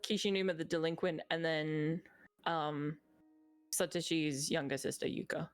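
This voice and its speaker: A woman's voice: low voice, fairly even intonation, normal speed, clear, resonant tone, soft background music. A woman co-streamer chatting casually during a game stream, rambling with lots of fillers and laughing often.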